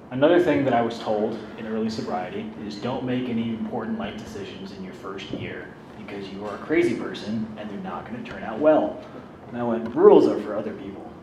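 Man telling his story in an echoey room. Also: lowish voice. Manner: candid, self-deprecating, conversational. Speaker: speaker sharing his recovery story. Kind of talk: personal storytelling talk. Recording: roomy, distant mic, background noise.

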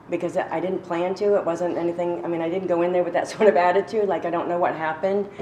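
A woman giving a halting, reflective personal testimony as a recovery speaker, with many pauses and fillers. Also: low voice, darkish tone, roomy sound, a little hiss or hum.

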